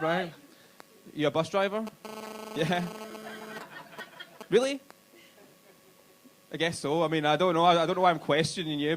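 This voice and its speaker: A young Glaswegian man doing stand-up in a comedy club, crude and self-mocking, working the crowd. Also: high-pitched. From Scotland.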